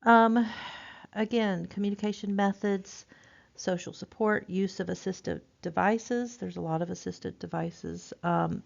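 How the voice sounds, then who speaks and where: A woman teaching a nursing class in a relaxed, informal way, with lots of ums and restarts. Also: lowish voice, vocal fry. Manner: informal, many fillers and restarts. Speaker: nursing instructor. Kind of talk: recorded lecture. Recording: dull lo-fi lecture recording.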